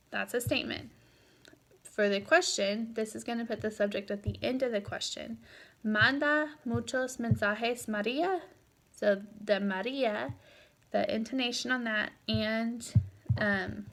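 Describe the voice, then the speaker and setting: A woman's voice: medium pitch, gravelly. A woman teaching a Spanish lesson in a recorded lecture, explaining patiently with frequent fillers.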